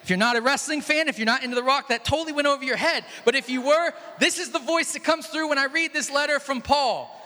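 A man's voice: very high voice, fast talker, hardly any pauses, sharp tone. A man preaching a sermon in a large church hall, conversational and storytelling, joking with the congregation. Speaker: pastor. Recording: echoey hall.

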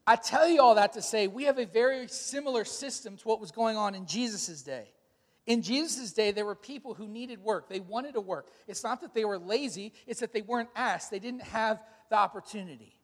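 A man in his thirties preaching a sermon, telling stories and acting out quotes with sudden shouts. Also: high-pitched, fairly quick. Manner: storytelling, animated retellings with shouted quotes. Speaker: pastor. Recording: long hall reverb.

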